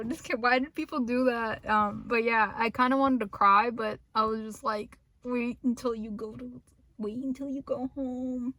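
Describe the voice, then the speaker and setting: A woman's voice: a little high, fairly bright tone, no echo. Young woman rambling in a vlog. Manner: joking, self-mocking, drops into whispers. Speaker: vlogger.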